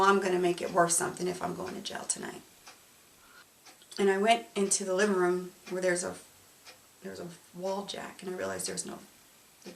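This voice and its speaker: A woman giving a candid, emotional personal testimony, speaking haltingly with pauses and fillers. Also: medium pitch, fairly bright tone. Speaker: survivor telling her story. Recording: roomy, distant mic, faint noise.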